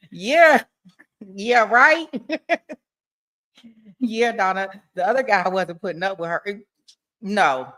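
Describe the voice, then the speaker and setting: A woman's voice: mid-range voice, slow pace, pauses often, a bit bright. Chatty woman commenting live on a trial. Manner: chatty, laughs often, talks to viewers.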